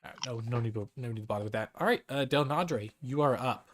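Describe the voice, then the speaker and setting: A man running a tabletop game, his voice sitting in an ordinary middle range. He talks in a relaxed, halting way, full of fillers. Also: mid-range voice. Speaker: game master.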